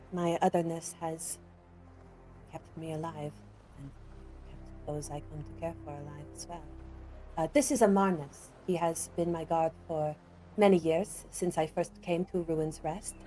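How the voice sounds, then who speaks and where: A woman voicing a formal, measured robed expert who wears a plague doctor mask. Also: on the low side, steady tone, mellow, soft background music, natural voice.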